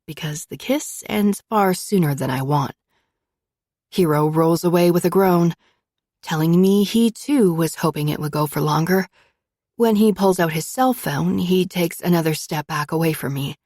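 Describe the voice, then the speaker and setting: A woman's voice: sits low, moderate pace, darkish tone, no room sound, clean studio sound. A woman narrating a first-person romance audiobook in an intimate, emotional storytelling manner.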